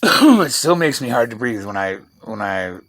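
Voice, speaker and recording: A man's voice: mid-range voice, very animated, normal speed, a bit bright. A middle-aged man, rambling bluntly and profanely in a casual vlog while working with tools. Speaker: vlogger.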